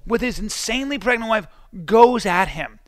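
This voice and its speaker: A middle-aged man telling stories as a comedian guest in casual chat, animated, with stammering restarts. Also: high-pitched, normal speed, no echo, clean studio sound. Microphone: close podcast mic.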